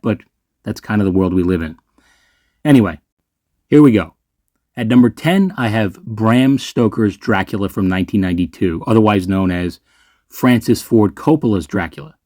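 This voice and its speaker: A man's voice: lowish voice, darkish tone, no room sound, clean studio sound. A man hosting his own movie ranking video, talking in a sarcastic, ranting way and swearing freely. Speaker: movie reviewer host. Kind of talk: ranking list commentary.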